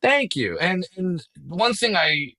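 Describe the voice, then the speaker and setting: Male comedian guest, punchy bright voice, excitable storyteller who swears freely. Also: high-pitched. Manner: excitable storyteller, swears freely, quick self-deprecating jokes. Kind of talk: casual podcast interview.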